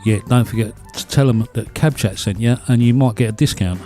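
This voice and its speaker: A man's voice: mid-range voice, a little fast, warm tone, faint music behind. A man co-hosting a casual podcast chat, chatty and reading announcements aloud. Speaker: podcast co-host.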